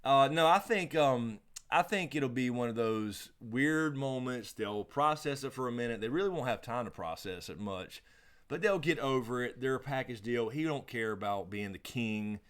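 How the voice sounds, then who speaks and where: A man's voice: mid-range voice, animated, moderate pace, fairly bright tone, clear, resonant tone. Chill guy hosting a live stream, cusses a bunch, laughs easy. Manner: laid-back, swears a lot, laughs often. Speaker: livestream co-host. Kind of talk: casual live Q&A chat.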